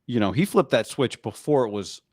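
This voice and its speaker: A man co-hosting a sports podcast, talking in a measured, conversational way as he thinks aloud. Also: medium pitch, expressive, a little mellow, no room sound, clean studio sound. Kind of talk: casual sports talk.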